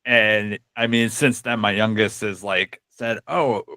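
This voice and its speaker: A middle-aged man hosting a podcast, talking in a relaxed, appreciative way. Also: lowish voice, unhurried, dry recording. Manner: relaxed, appreciative, with fillers and laughs. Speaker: podcast host. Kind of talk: casual interview chat.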